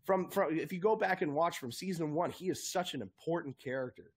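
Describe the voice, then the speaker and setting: A young man co-hosting a casual podcast, talking in an excitable, profane rant. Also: on the high side, a little fast, husky. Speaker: podcast co-host. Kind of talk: casual chat.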